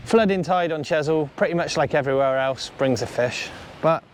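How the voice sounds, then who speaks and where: A man's voice: on the high side, brisk, slight background noise. A man hosting a fishing vlog, chatting casually and upbeat as he gives friendly advice outdoors on a beach. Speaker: angler and channel host.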